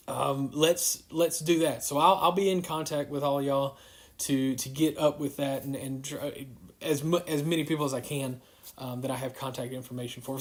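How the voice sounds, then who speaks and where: A man with a drawl talks loosely through a live-streamed devotional for his youth group. His voice sits a little on the high side, and he drifts from point to point and chases side thoughts. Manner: rambling, wanders off on tangents.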